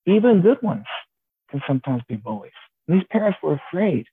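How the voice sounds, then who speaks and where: A man preaching a sermon, retelling a story in an animated, wry, conversational way. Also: fairly high pitch, a little fast, husky, dry recording. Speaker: pastor. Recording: tinny phone-like sound, faint hiss.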